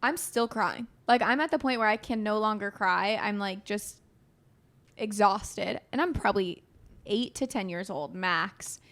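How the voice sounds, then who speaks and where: A woman's voice: medium pitch, a little slow. A young woman hosting a podcast, telling childhood stories with lots of swearing. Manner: animated, profane storytelling. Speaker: podcast host. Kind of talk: casual podcast chat.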